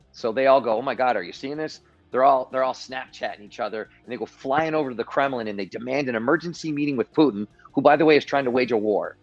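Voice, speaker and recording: A man's voice: mid-range voice, dull audio. A man guesting on a livestream, telling stories animatedly with frequent restarts over a video call. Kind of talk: political commentary on a livestream.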